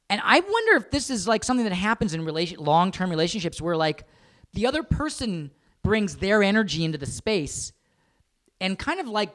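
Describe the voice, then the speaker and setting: A middle-aged man co-hosting a podcast in casual chat, animated and swearing freely, sometimes slipping into jokey put-on voices. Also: high-pitched. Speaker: podcast co-host.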